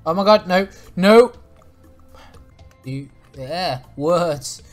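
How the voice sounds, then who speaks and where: A man's voice: high-pitched, lively intonation, extremely slow, soft background music. A man commentating a video game as he plays, swearing often, laughing and yelping in panic. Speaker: gaming YouTuber. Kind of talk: let's play commentary.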